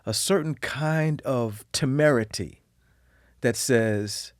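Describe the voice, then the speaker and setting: A man, a guest on an interview podcast, telling candid personal stories in a lively, expressive way. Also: takes it slowly, no echo, clean studio sound. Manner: animated storyteller, lively swings in pitch and volume.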